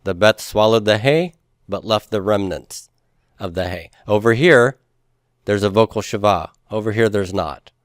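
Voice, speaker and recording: Male instructor, lowish smooth voice, dry close sound, patient classroom explainer. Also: moderate pace, dry recording. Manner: patient, explains step by step, asks the class questions. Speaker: Hebrew instructor. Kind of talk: classroom lecture on grammar.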